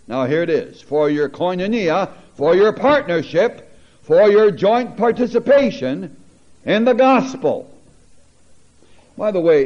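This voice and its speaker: Emphatic preacher man, lo-fi recording. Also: mid-range voice. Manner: emphatic, rising to animated peaks; reads scripture aloud, teacherly asides. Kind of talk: sermon. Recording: dull lo-fi recording.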